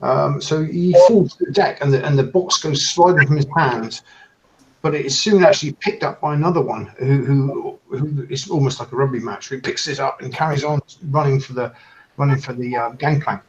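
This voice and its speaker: A man narrating a tabletop role-playing game as game master, full of fillers and restarts. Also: medium pitch. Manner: halting, many fillers and restarts. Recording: dull lo-fi sound, faint noise.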